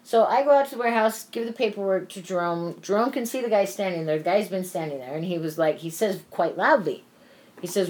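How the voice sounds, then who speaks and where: A woman's voice: mid-range voice, brisk, darkish tone. Rambling, profane woman telling a story. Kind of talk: casual chat.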